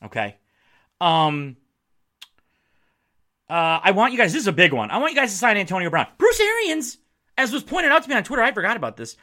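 Animated, blunt male podcast host. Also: sits high, brisk, long pauses. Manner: animated, blunt, swears freely, acts out quotes. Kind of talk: casual sports commentary.

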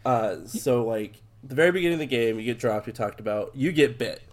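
Guy rambling about a game, swears a lot, mid pitch, lots of ums and restarts. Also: brisk. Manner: rambling, swears freely, many fillers and restarts. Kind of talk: casual chat about a video game.

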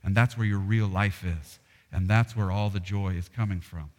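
A pastor preaching a sermon, earnest and plain, with voice rising into animated impressions. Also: male voice, fairly low pitch, moderate pace, in a large hall.

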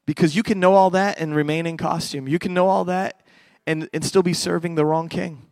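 A middle-aged man preaching a sermon as a pastor, swinging between loud fervent passages and quiet hushed ones. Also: fairly high pitch, fairly even intonation, a little fast, vocal fry, no room sound.

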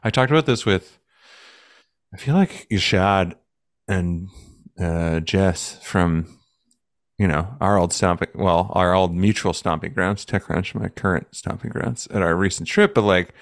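Blunt male co-host, lowish voice, swears freely, mocking asides. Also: lively intonation, moderate pace, no room sound, clean studio sound. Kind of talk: casual chat.

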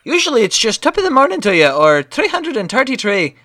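A man doing a bad stage-Irish voice, lilting and hammy, high and lively. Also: dry recording, studio quality, full character voice. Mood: sheepish. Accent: mock Irish. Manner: hammy, sing-song, deliberately bad accent.

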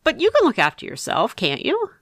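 A woman's voice: on the high side, wildly swooping pitch, fairly quick, no room sound, studio quality, pitched above the performer's own voice, full character voice. A woman voicing an eccentric, playful middle-aged uncle who speaks with theatrical flair. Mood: jovial. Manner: theatrical, flamboyant.

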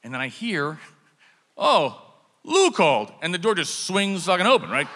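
A man with a bright, fairly high voice tells a comic story on stage, swinging his pitch all over as he acts out the scene. His voice rings with a long reverb from a large hall. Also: fast. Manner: animated, acts out shouted dialogue. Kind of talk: live comedic storytelling.

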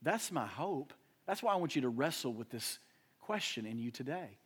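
A young adult male pastor preaching a sermon, swinging between loud emphatic rises and hushed, quiet drops. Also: medium pitch, big pitch swings, normal speed, breathy edge.

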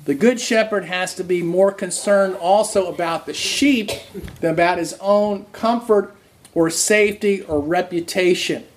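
A man preaching an earnest sermon, restarting phrases and slowing to stress key words. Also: sits high. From raised Roman Catholic.

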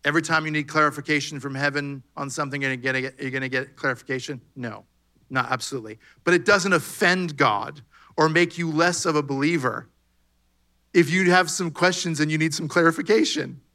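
A man preaching with a bright, forceful voice that sits a little high for a man. He talks conversationally and acts out short bits of dialogue as he makes his point. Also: brisk. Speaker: pastor. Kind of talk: sermon.

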